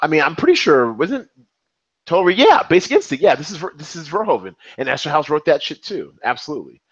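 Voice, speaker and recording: A man in his forties co-hosting a podcast, chatting about movies in an animated, rambling, profane way over a remote call. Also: a little high, a little fast, breathy edge, no room sound, lo-fi sound. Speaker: podcast co-host. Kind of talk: casual movie chat.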